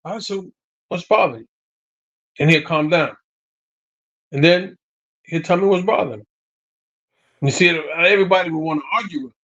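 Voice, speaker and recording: A man's voice: on the high side, lively intonation, brisk, long pauses, a bit bright, highs cut off. A middle-aged man, a boxing trainer, telling stories casually and acting out quotes, tagging lines with "man" and "you know what I mean". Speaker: boxing trainer, interview guest. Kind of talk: casual storytelling.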